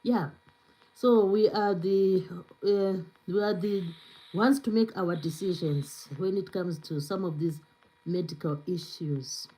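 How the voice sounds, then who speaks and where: A woman's voice: lowish voice, steady tone, takes it slowly, dark tone, husky, poor audio. A woman hosting a casual live stream, chatting freely with lots of "you know"s and answering viewer comments as she goes. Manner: chatty, filler-heavy with many "you know"s.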